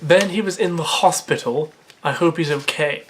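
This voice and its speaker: A man's voice: a little high, normal speed, a bit bright, a little hiss or hum. A man reads his childhood story aloud as comedy. He keeps interrupting himself with sarcastic, mocking remarks and laughs at the writing. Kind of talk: comedic dramatic reading with commentary.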